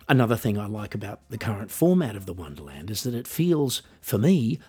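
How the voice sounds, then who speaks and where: A man's voice: lowish voice, a little mellow, breathy edge. An Australian man hosting his own podcast, delivering a wry, self-deprecating scripted monologue. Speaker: podcast host and musician.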